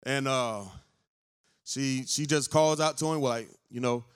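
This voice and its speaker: A male pastor, telling a story in a sermon as an unhurried storyteller. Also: medium pitch, steady tone, clean tone. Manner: unhurried storyteller who builds to fervent preaching. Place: church sanctuary.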